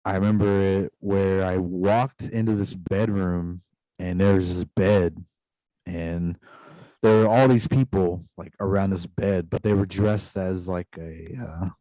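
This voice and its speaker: A man's voice: sits low, steady tone, a little slow, mellow, no room sound, low-quality recording. A man casually retelling a long dream on a podcast, rambling loosely with constant asides. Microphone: podcast microphone.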